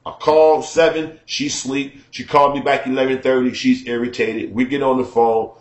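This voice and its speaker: A man's voice: mid-range voice, steady tone, normal speed, few pauses. A man telling a story in a blunt, profane rant, often stopping to ask "right?". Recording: echoey room.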